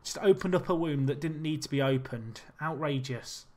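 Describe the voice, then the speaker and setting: A man's voice: fairly high pitch, brisk, mellow. A young man chatting animatedly as he streams a football management game and talks to his chat. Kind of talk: casual game commentary.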